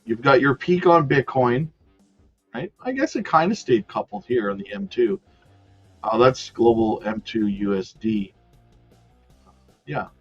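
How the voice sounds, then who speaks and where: A man hosting a casual crypto livestream, reading viewer comments and talking through charts in a loose, chatty way that swings from loud to muttered. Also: mid-range voice, breathy edge, dull audio. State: has the hiccups.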